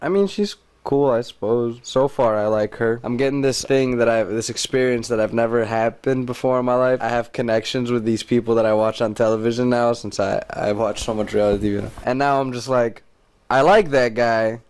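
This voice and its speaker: A man's voice: medium pitch, steady tone, fairly quick, few pauses, a little mellow, clean tone. A young man co-hosting a podcast, chatting casually, rambling and sarcastic with lots of fillers. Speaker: podcast co-host. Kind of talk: casual chat.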